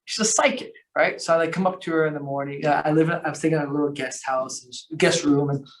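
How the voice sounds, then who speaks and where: A man's voice: a little high, fast talker. Slangy, rambling man telling stories. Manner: rambling, animated, lots of fillers and restarts; slangy, calls the host bro. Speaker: podcast guest. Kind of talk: casual storytelling conversation.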